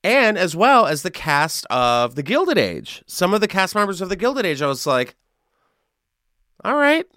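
A man's voice: high-pitched, very animated, moderate pace, hardly any pauses, sharp tone, no room sound, clean studio sound. Catty, sarcastic man ranting. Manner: sarcastic, catty celebrity fashion ranting with swearing. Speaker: podcast host. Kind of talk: casual chat.

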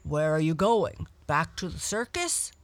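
A woman reading a storybook aloud and voicing a friendly, warm-hearted male dog in a slower, lower and louder voice with a changed timbre. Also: very animated, no room sound, exaggerated voice.

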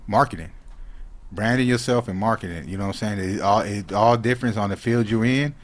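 A man speaking, talking in a loose, casual podcast chat that turns animated when he gets excited. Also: lowish voice, fairly quick. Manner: laid-back street slang, animated when excited. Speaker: social media creator, podcast guest.

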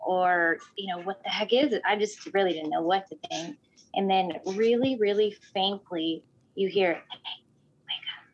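Woman, casual storytelling, animated, acts out voices, filler-heavy. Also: mid-range voice, moderate pace, lo-fi sound. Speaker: guest telling a personal ghost story.

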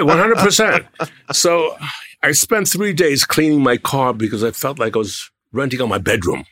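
An older man, a guest on a talk show, telling long, animated anecdotes about his own past. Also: mid-range voice, moderate pace, no room sound, clean studio sound. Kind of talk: anecdotal storytelling.

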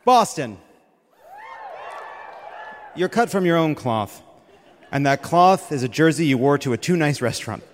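A man hosting a comedy segment on a live stage, playful and quick, laughing between lines. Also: a little high, lively intonation, long reverb tail. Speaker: host. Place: theater stage with audience.

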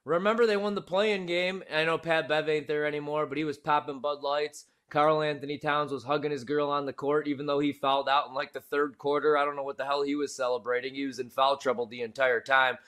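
A man's voice: on the high side, level tone, a little fast, few pauses, a bit bright. Slangy, opinionated male sports co-host. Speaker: podcast co-host. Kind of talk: sports podcast chat.

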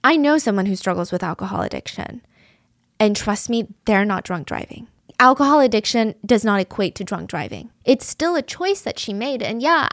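A woman's voice: mid-range voice, no echo, studio quality. Opinionated woman commentary host. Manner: opinionated, exasperated. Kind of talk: true-crime commentary.

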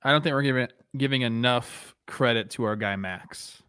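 A man in casual podcast chat, easygoing and joking. His voice is clean and smooth, recorded dry and close. He sits at an ordinary middle pitch. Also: normal speed, no room sound. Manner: relaxed, joking, trails into laughter. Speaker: podcast co-host.

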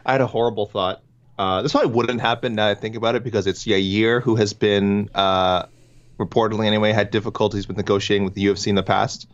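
A man's voice: lowish voice, fairly even intonation, quick pace. A man co-hosting a casual MMA talk show, rambling and thinking aloud with many restarts. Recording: dull lo-fi sound.

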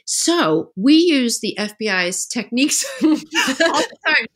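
A woman's voice: sits high, slow pace. A middle-aged woman, an author guest on an interview podcast, talking casually and acting out the voices she quotes. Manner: animated storyteller, acts out quoted voices.

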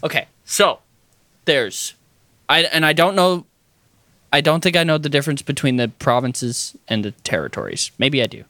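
A man's voice: a little high, animated, normal speed, bright, forceful tone. A man co-hosting a podcast in casual chat, joking around and slipping into playful impressions. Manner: jokey, slips into playful Midwest impressions. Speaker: podcast co-host.

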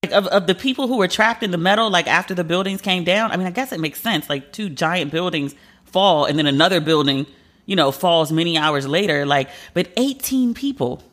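A man's voice: high voice, animated, brisk, a bit bright. A man, a journalist, hosting a casual monologue podcast, chatty and emotional, filling his talk with "like". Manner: chatty and emotional, heavy use of "like".

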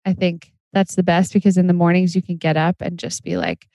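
Chatty woman sharing quick anecdotes. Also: on the low side, flat delivery, mellow, dry recording. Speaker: podcast co-host. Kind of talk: casual chat.

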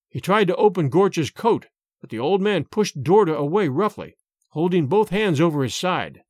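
Male audiobook narrator, measured storytelling, lively pitch, dry close sound. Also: no room sound. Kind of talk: scripted first-person narration.

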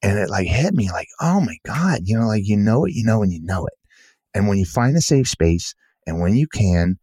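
Earnest man with a mellow low voice. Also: dry recording, clean studio sound. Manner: earnest, repeats himself, says "you know" often. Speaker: guest author. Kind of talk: casual conversational storytelling.

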